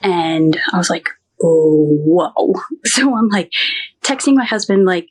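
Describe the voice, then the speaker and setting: A woman's voice: on the low side, slow pace, husky. A young adult woman, a nurse, telling a personal story as a podcast guest, talking animatedly and acting out what others said. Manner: animated, acts out quoted dialogue, frequent "like".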